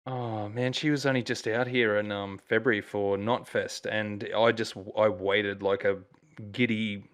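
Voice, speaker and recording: An Australian man with a fairly low voice chats as a guest musician. He tells stories eagerly, circling through fillers and restarts, in a relaxed, casual way. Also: a little slow. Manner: enthusiastic, rambling storyteller with many fillers. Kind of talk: casual chat.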